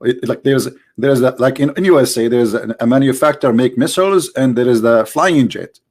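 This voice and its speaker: A Middle Eastern man with an Arabic accent hosts a live stream, delivering a sarcastic, theatrical monologue that swings between loud exclamations and quiet asides. His delivery is fairly quick and a bit mellow.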